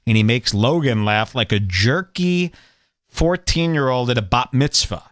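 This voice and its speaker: A man's voice: medium pitch, a little slow, fairly bright tone, dry recording, clean studio sound. A man hosting a podcast, giving sarcastic, mocking commentary on clips he plays. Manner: sarcastic, scoffing. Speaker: podcast host reacting to clips.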